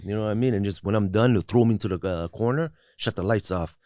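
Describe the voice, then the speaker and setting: With a warm, low-leaning voice and a quick pace, a guest in his forties bluntly tells his life story, cursing, restarting frequently and peppering in "you know what I mean." English is his second language. The clean studio recording has no room sound.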